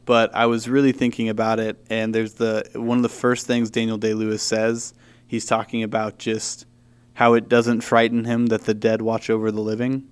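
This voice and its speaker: Young male podcast host, clean resonant voice, lively casual chat with frequent laughs. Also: lowish voice, moderate pace, clear, resonant tone. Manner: animated, laughs often. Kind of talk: casual chat about movies.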